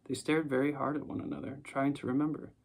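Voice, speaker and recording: A man reads a storybook aloud in a calm, measured way. His voice has a noticeably gravelly grain. His pitch sits in the ordinary middle range for a man. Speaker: audiobook narrator. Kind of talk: storybook narration.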